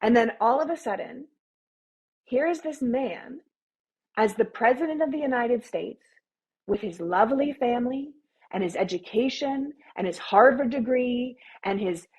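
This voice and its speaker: A woman speaks with a slightly raised pitch and a husky, breathy edge. She talks as an interview guest, emphatic and opinionated, building her points in long runs. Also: lively intonation, normal speed, a little mellow, poor audio. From Canada. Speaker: podcast guest. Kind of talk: casual interview talk.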